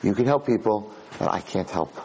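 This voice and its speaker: Husky-voiced rabbi telling a story. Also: male voice, on the low side, moderate pace, poor audio. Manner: animated storyteller acting out dialogue. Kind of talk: storytelling Torah lecture.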